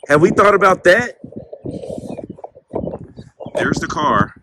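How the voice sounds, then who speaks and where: Slow-talking man in loud wind. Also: high-pitched, big pitch swings. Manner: slow, reads out gravestone names, talks to spirits. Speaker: paranormal vlogger. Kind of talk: casual ghost-hunting vlog. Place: cemetery outdoors at night, windy. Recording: loud wind noise outdoors.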